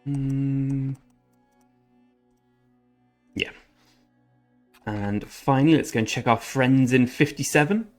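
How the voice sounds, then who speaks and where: A gaming channel host rambles through casual commentary over his strategy game, chatty and often correcting himself mid-sentence. His mid-range voice is darkish and slow, with long pauses and faint music behind.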